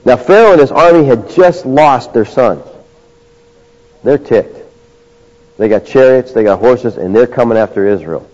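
A man preaching a sermon, conversational, moving between quiet asides and raised, emphatic bursts. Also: medium pitch, lively intonation, moderate pace, pauses often. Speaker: pastor. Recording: dull lo-fi sound.

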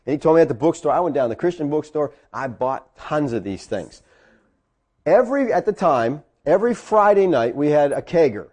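A middle-aged man, a pastor, telling a personal story in a sermon and rising high when he gets excited. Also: brisk, husky.

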